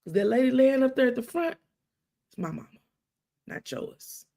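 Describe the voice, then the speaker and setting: A middle-aged woman hosting a live stream, telling stories with quoted dialogue and hushed asides. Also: high voice, normal speed, creaky. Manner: animated storytelling with quoted dialogue and dramatic hushes. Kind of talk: casual live-stream talk.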